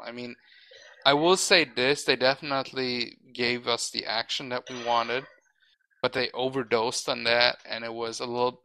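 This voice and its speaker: Bright, crisp-voiced man ranting casually. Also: medium pitch, rough recording. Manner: rambling, opinionated, frequent restarts; swears casually. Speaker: podcast host. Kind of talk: casual chat.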